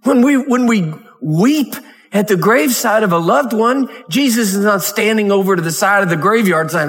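A man with a high, lively voice and a fairly bright tone preaches a Wednesday night sermon at a moderate pace. He reads scripture and talks conversationally, laughing and putting on mock voices. The recording, made in a church sanctuary, carries a long hall reverb.

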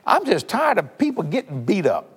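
An older man with a drawl leads a fervent televised sermon and prayer. His voice sits somewhat high for a man and rings with long hall reverb. He repeats key lines for emphasis, then drops into hushed, earnest asides. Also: wildly swooping pitch, moderate pace, husky. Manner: swings from loud declarations to hushed earnest asides. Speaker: televangelist preacher.

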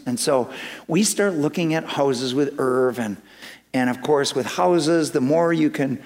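A man's voice: fairly high pitch, measured pace. A man preaching in a church, telling a personal story with humor and acting out the dialogue. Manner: animated, acts out dialogue with humor. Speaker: pastor. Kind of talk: sermon storytelling.

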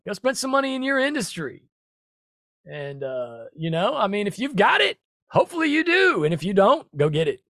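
A man with a high, lively voice rides big swings of pitch as he hypes his listeners, loud and salesy and quick to laugh. The sound is dry and close, with no room around it. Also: gravelly, dry recording. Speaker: podcast host. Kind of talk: animated solo podcast talk.

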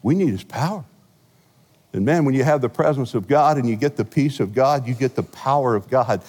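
A male senior pastor preaches a sermon in a large church sanctuary, telling stories with humor and big swings in loudness. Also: mid-range voice, brisk, slightly rough, in a large hall.

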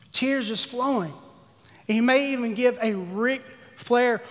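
A man giving a sermon, acting out the characters' pleas with lively energy. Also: very high voice, takes it slowly. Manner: animated, acts out the servant's pleas. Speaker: pastor. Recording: long hall reverb.

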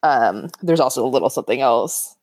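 Very low-voiced woman player. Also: expressive, a little mellow, no room sound. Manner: chatty, quick to laugh, trips over words. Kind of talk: tabletop role-play.

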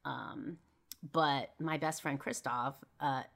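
A woman's voice: very deep voice, fairly even intonation, takes it slowly, creaky, fairly bright tone. Candid, swearing woman telling a story. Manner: candid, profane, full of fillers; heated when reliving arguments. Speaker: podcast host. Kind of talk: personal storytelling monologue.

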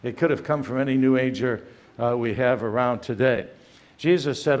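An older man giving a firm, emphatic lecture as a guest speaker, often pausing with "uh" between phrases. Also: medium pitch. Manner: emphatic, many "uh" fillers, reads quotations aloud. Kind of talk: apologetics lecture.

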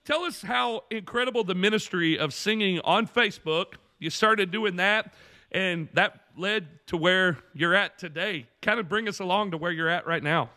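Male host, high bright voice, animated comic storyteller. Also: normal speed. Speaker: podcast host.

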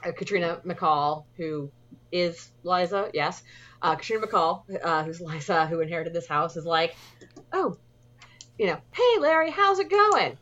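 A woman's voice: fairly low pitch, fairly even intonation, measured pace, fairly bright tone, muffled recording. A woman co-hosting a casual movie podcast, rambling with lots of fillers and restarts. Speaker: podcast co-host. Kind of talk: casual movie review chat.

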